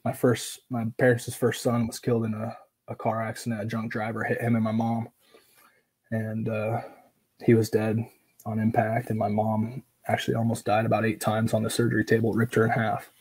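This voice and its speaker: A man's voice: on the low side, monotone, a little fast, darkish tone, husky, poor audio. A man from Oregon, a podcast guest, telling a personal story in casual, filler-heavy speech, acting out quoted dialogue, earnest and emotional. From Oregon, USA.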